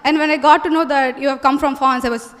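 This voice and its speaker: A woman's voice: sits high, fairly even intonation, fast talker, a bit bright. A young woman student giving eager spoken feedback, mixing in French phrases. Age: young adult. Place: college hall. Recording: hall reverb.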